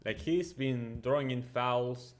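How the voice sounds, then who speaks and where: A man hosts a football watchalong in a mid-range voice that is neither high nor low. He talks through the match in casual live commentary, excitable and chatty. He often fills pauses with ums and uhs. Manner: excitable, chatty, with frequent fillers.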